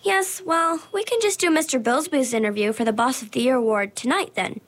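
A woman's voice: high voice, fairly quick. A woman playing an earnest, polite young woman who runs interviews in an audio drama. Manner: polite and earnest, giggly when nervous.

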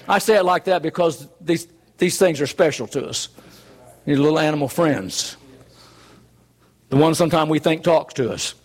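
A man preaching a sermon in an earnest, conversational way, full of rhetorical questions. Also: high voice.

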